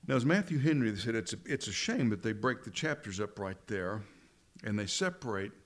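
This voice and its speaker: A pastor with a lowish voice delivers a conversational sermon. He poses rhetorical questions to his listeners and slows down to lean on key words.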